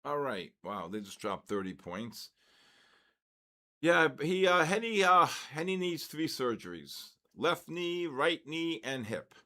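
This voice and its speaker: A man's voice: fairly high pitch, big pitch swings, takes it slowly, pushed and bright. An older man from the Bronx, hosting a live trading stream and chatting casually with viewers between market calls. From the Bronx, New York.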